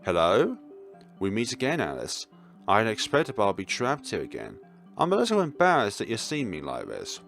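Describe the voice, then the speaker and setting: A man voicing a gentle, polite queen in a game, speaking softly and graciously. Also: lowish voice, wildly swooping pitch, moderate pace, vocal fry, faint music behind, exaggerated voice.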